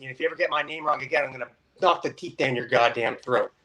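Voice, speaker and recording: A man's voice: medium pitch, fast talker, few pauses, sharp tone. A man calling in remotely as a wrestler, cutting an aggressive, boastful trash-talk promo. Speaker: wrestler guest. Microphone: remote call.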